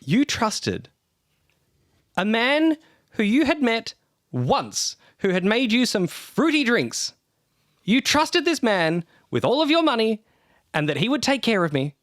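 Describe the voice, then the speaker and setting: A game master voicing a bitter, furious young woman who accuses her guardian in a sharp, cutting way. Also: mid-range voice, sing-song, quick pace, no echo, studio quality, voice pushed up. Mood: accusing.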